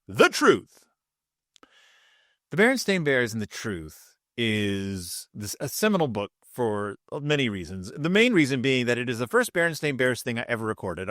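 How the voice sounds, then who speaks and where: Man, podcast host, lively swooping delivery, casual solo chat, dry close sound. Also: mid-range voice, dry recording. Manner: chatty and animated, retells scenes with quick character voices. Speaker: podcast host reviewing cartoon episodes. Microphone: microphone with camera.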